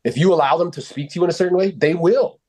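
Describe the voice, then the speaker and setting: A man's voice: a little high, fast talker, a little mellow. A man coaching real estate agents on sales calls, blunt and confident, swearing freely and using lots of fillers.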